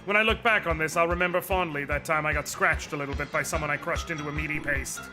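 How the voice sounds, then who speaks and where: A man's voice: fairly high pitch, steady tone, fast talker, close to an everyday voice. A man voicing an arrogant, cruel villainous knight from a game, reading the lines theatrically with music playing behind him. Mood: mocking. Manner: theatrical, gloating, swings to shouting rage. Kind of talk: dramatic reading of game dialogue.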